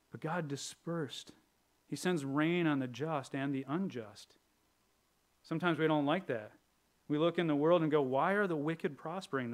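A male pastor preaching a sermon with humor, switching between lively bursts and quiet, earnest stretches. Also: mid-range voice. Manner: animated and humorous, acting out prayers in a raised voice; drops to a quiet, earnest tone for serious points.

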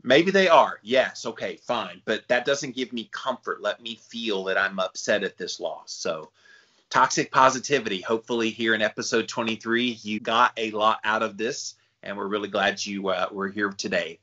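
A man's voice: lowish voice, moderate pace, pushed and bright, dull audio. A man co-hosting a podcast, talking in an upbeat, casual way and summing things up for listeners. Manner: upbeat, wraps up topics for listeners. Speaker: podcast co-host.

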